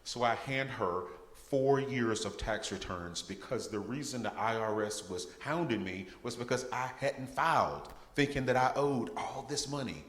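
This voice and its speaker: A man's voice: medium pitch, animated, moderate pace, hardly any pauses, fairly bright tone. A man giving a guest testimony at a church service, telling his story with humor and laughter. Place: church sanctuary. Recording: echoey church hall.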